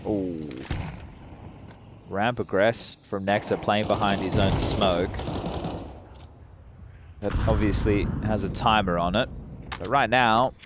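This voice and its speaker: A man giving measured, analytical color commentary on a live esports match, with frequent hesitations. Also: on the low side, background noise.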